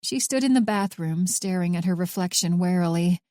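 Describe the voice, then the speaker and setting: A woman narrating a thriller audiobook in a measured, even storytelling manner. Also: on the low side, no room sound, studio quality.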